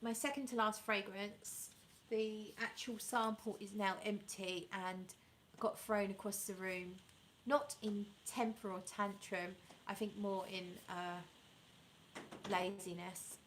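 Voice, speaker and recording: A woman's voice: mid-range voice, flat delivery, slow, slight background noise, rough recording. A woman vlogging casually about perfumes, chatty and enthusiastic, rambling and correcting herself as she reads viewer comments. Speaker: fragrance vlogger. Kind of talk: casual chat reviewing perfumes and reading live comments.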